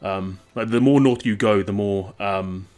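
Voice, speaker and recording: A young English man with a southern English accent giving casual, rambling let's-play commentary, self-mocking and quick to swear. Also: on the low side, a little mellow, soft background music. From English Midlands. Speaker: gaming YouTuber.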